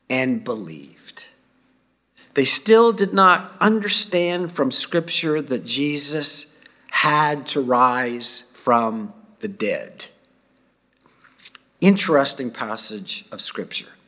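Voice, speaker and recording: A man giving a sermon, reading scripture aloud with feeling and dropping to quiet asides. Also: medium pitch, big pitch swings, very slow, pauses often. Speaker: preacher.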